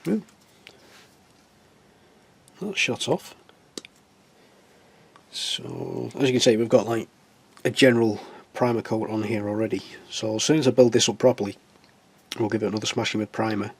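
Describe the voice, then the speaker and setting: A man with a stuffy nose chats casually and pokes fun at himself while building a scale model, talking to himself as he goes in a hobby tutorial. His voice is lowish and gravelly with a breathy edge, at a normal speed with frequent pauses.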